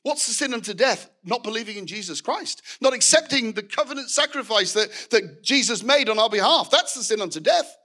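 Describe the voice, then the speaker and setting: A man's voice: high voice, lively intonation, brisk, hardly any pauses, pushed and bright. A middle-aged man preaching a sermon, telling anecdotes with restarts and asides to the congregation.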